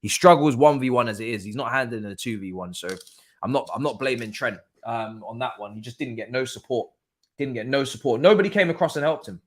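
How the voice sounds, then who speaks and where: A man hosting a live football watchalong stream, chatting through the match as a fan and bursting into shouts at big moments. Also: medium pitch, fairly quick. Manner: excitable, erupts into shouts and laughs at goals. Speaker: watchalong host.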